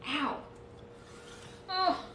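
A woman's voice: extremely slow, fairly bright tone, recorded from a distance, slight background noise. A woman hosting a casual live stream, chatting with viewers and thanking them, with playful nervous laughs. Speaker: livestream host. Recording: echoey room, voice off-mic.

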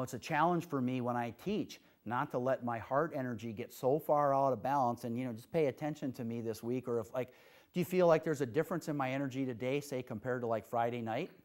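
A young adult man lectures a class in a loose, conversational way, full of "you know" and "like". He gets animated, jumping into high, giddy put-on voices for effect before settling back into his own middle-pitched voice. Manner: rambling with many fillers. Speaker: herbalist teaching a class.

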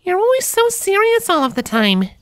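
A man voicing a ten-year-old girl pony with a high, childish, earnest voice in an audiobook reading. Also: huge pitch swings, normal speed, fairly bright tone, no room sound, heavily acted. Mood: earnest cheerful. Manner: high childish voice, earnest and cheerful, turns frightened. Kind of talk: audiobook character voice.

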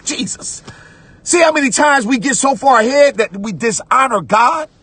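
A man preaching a sermon as pastor, repeating phrases and breaking into shouts while reading scripture. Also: very high voice, lively intonation, normal speed, husky, dry recording. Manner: preaching with repetitions, rising to shouts; conversational church talk, "watch this".

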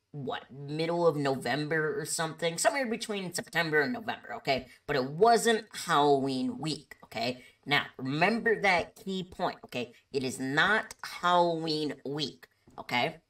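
A woman with a low voice that swings widely in pitch, telling a story to camera. She chats along and keeps checking in with "okay?". The mic sits a little distant. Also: a bit bright. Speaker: vlogger. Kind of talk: storytime monologue.

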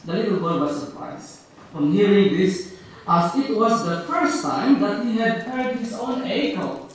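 A man's voice: high voice, expressive, measured pace, slight background noise. A man from the Philippines with a Filipino accent, preaching a sermon that tells a story and asks his congregation questions. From Philippines, Ilocos Norte. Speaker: pastor. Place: church in Canada. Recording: echoey church hall, distant mic.

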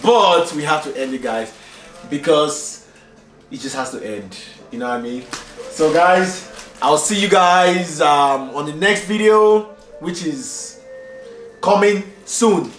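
A man's voice: high voice, lively intonation, unhurried, a bit bright, soft background music. A man vlogging casually from a hotel room, rambling and laughing as he talks. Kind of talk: casual vlog chat. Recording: echoey room with faint noise.

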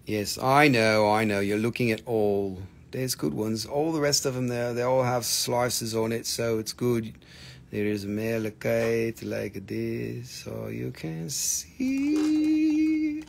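Gravelly, excitable live-sale host. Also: male voice, mid-range voice, unhurried, slight background noise. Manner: jokey, excitable, teasing viewers. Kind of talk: live-stream sales patter.

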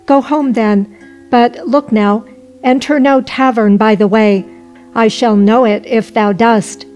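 A woman reading the lines of a stern male giant who is the wind, in measured, old-fashioned formal speech. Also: fairly high pitch, steady tone, darkish tone, natural voice, poor audio. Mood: warning. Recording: faint music underneath.

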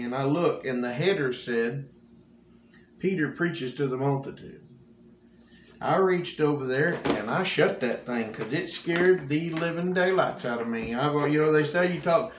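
A man's voice: on the high side, a little slow. Folksy preacher man, echoey room. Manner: folksy storyteller, laughs often. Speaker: cowboy church preacher. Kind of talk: folksy testimony. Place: church room. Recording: echoey room with faint hum.

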